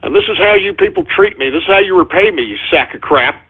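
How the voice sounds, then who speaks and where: Angry gravelly-voiced male radio host. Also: a little high, animated, fast talker. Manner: angry, yelling insults. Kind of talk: ranting call-in radio show. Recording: tinny phone-quality line.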